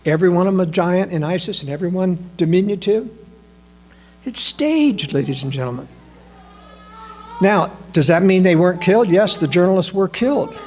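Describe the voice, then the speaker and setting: A man giving a political analysis talk, emphatic and full of rhetorical questions, addressing listeners as ladies and gentlemen. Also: sits high, animated, normal speed. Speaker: political commentator.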